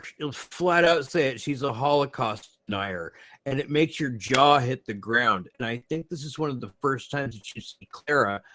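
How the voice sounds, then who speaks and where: A man co-hosting a podcast, chatting in an animated way, often laughing and swearing casually while recapping episodes. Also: mid-range voice. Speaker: podcast co-host. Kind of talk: casual chat.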